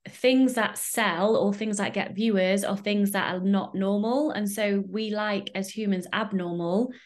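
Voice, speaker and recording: A woman's voice: mid-range voice, measured pace. A woman hosting a podcast and coaching, chatting casually with her guest and laughing often. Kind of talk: casual interview chat.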